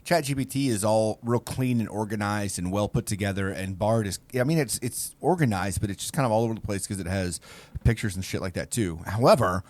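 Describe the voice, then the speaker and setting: A man's voice: lowish voice, fairly quick, a little mellow. A man co-hosting a casual podcast, reacting bluntly and with frequent swearing. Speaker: podcast co-host. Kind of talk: casual chat.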